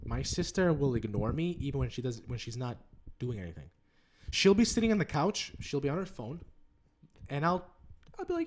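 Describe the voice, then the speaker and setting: A young man on a casual podcast, his pitch leaping up and down as he tells a story. He swears freely and slips into quick impressions of his parents and sister. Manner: animated storytelling, swearing, mimics family members. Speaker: podcast co-host. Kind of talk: casual chat.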